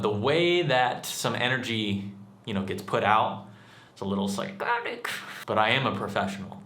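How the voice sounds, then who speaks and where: A man's voice: fairly low pitch, a bit bright. Rambling young man in an echoey room. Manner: rambling and self-deprecating, with many fillers. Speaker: channel host and musician. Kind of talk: casual vlog update. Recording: echoey room with faint music.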